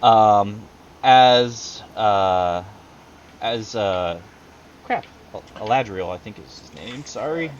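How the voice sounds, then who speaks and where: A man's voice: fairly low pitch, expressive, slow, long pauses, highs cut off, slight background noise. A man running a tabletop game over a video call, talking loosely with lots of fillers and laughing at himself. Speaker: game master. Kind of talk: casual tabletop game narration.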